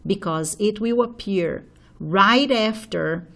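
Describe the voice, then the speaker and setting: A woman's voice: mid-range voice, slow pace, creaky, a bit bright. A woman teacher explaining a phonology problem step by step, checking in with "okay?" as she writes. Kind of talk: phonology lesson at a board.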